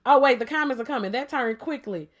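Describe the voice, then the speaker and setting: A woman's voice: high voice, fast. A woman co-hosting a casual podcast debate, talking emphatically and playfully and firing off rhetorical questions. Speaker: podcast co-host.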